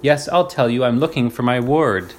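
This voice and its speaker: A man's voice: medium pitch, moderate pace, a little hiss or hum, natural voice. A man reading aloud, voicing a crafty middle-aged guardian who barks angrily and then turns falsely pleasant. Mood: angry.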